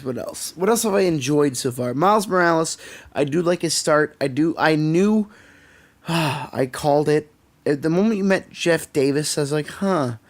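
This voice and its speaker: A young man with a Canadian accent, ranting sarcastically and swearing often as a podcast co-host. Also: on the high side. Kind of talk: casual chat. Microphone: podcast microphone.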